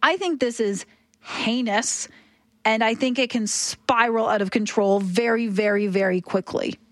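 A woman's voice: on the high side, measured pace, no echo, studio quality. A woman, arguing passionately and emphatically as a talk radio host. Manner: impassioned, emphatic.

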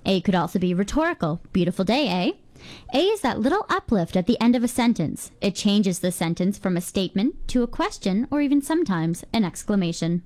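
A Canadian woman hosts a scripted radio feature. Her pitch rises and falls a lot, and her delivery is bright and playful. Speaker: campus radio host.

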